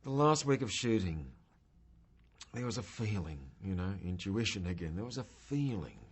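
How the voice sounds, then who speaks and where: A male actor recalling in an interview, halting and circling back over his words. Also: lowish voice, animated, slightly rough. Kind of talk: interview recollection.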